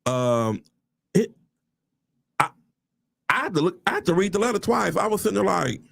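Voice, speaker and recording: A man talks casually to his livestream viewers, calling them y'all. His gravelly voice swings widely in pitch, and he breaks into churchy exclamations. The sound is close and dry. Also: fast talker, no echo. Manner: animated, preacher-like exclamations, addresses viewers as y'all. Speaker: realtor livestreaming to followers.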